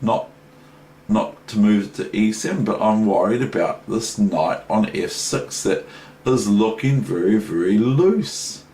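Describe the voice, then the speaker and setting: Nz guy doing a chess lesson, low voice, rambly and chatty, roomy echo, bit of hiss. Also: lively intonation, a little slow, warm tone. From New Zealand. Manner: chatty, rambling, with many asides and restarts. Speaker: chess teacher. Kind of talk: casual chess lesson analysing a game. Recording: echoey room with faint noise.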